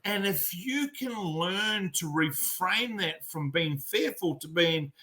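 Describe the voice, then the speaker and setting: A high-voiced middle-aged man from New Zealand talks slowly yet with hardly any pauses. As a mental performance coach on a casual podcast, he spins animated stories in a blunt manner, swearing heavily in his New Zealand accent.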